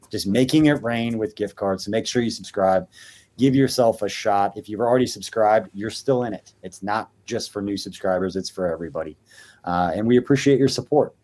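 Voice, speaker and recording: A man in his thirties co-hosts a casual sports podcast. His voice sits on the low side, and he rambles in an easygoing, chatty way with plenty of filler words. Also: darkish tone. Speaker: podcast co-host.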